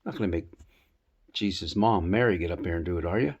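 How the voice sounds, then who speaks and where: A man teaching a casual Bible lesson outdoors, telling the story in a folksy, animated way with rhetorical questions. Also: low-pitched, quick pace, husky, highs cut off. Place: rooftop outdoors.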